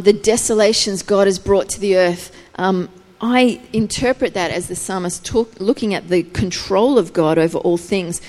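A woman's voice: medium pitch, a little mellow. A woman preaching a sermon, explaining scripture thoughtfully and building intensity as she goes. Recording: long reverb of a hall.

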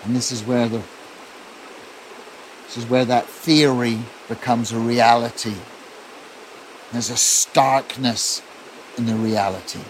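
A male pastor delivers a sermon in a measured, unhurried voice of ordinary pitch. He tells the story with quiet intensity, and a faint hiss sits under his words. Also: fairly even intonation.

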